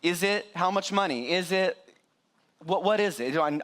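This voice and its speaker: A middle-aged man preaching a sermon as pastor, animated and joking with the congregation. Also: high voice, moderate pace.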